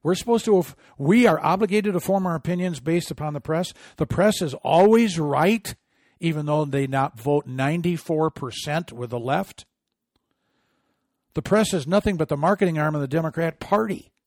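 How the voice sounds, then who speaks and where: A middle-aged man giving opinionated political commentary, sarcastic and indignant, often rising into loud outrage. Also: a little high, animated, moderate pace, no echo, studio quality. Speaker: commentary host.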